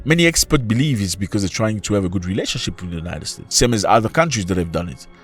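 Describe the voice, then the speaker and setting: A man's voice: fairly low pitch, sing-song, fast, faint music behind. A man from Africa giving impassioned opinion commentary, firing off rhetorical questions to his viewers.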